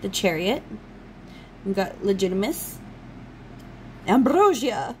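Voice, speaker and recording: Casting: woman vlogger, mid-pitched, gushing fan chatter, casual unboxing. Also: unhurried, noisy background. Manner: gushing, enthusiastic fan talk. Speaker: channel host.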